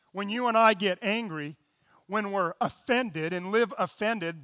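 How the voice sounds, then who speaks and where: A man preaching a sermon as pastor, swinging between loud emphasis and hushed, quick asides. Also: very high-pitched, no room sound.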